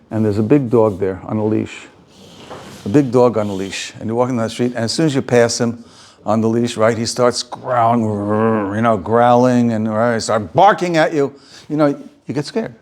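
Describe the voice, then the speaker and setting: Rabbi teaching with halting restarts. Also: male voice, mid-range voice, a little mellow. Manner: repeats himself, restarts, chuckles, acts out quotes. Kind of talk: informal Torah class discussion.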